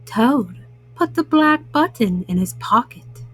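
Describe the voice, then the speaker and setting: A woman reading bedtime stories aloud to children in a gentle, soothing way. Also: fairly high pitch, lively intonation, slow pace, breathy edge, faint music behind, low-quality recording. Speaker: children's storyteller.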